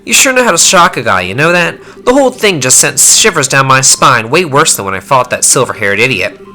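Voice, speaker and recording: A rough young male fighter talks in blunt slang, his delivery rising and falling a lot, as a man reads him aloud. The tone is bright and forward, with a faint bed of game music behind. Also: medium pitch, big pitch swings, a little fast, exaggerated voice. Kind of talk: fan voice-over reading of game dialogue.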